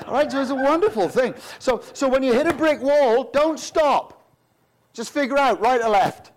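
A male pastor delivering a sermon, his voice sitting notably high for a man. He preaches in an animated, chatty way, stumbling over repeated words and breaking into laughter between points. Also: normal speed, a little hiss or hum. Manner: animated, conversational preaching with frequent repetitions and laughs.

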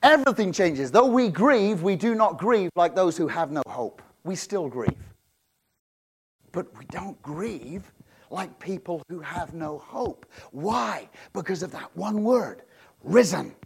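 A man preaching a sermon, swinging between loud proclamations and quiet asides, often repeating and restarting words. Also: high-pitched, expressive, slow pace, breathy edge. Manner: self-interrupting, repeats words. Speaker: pastor.

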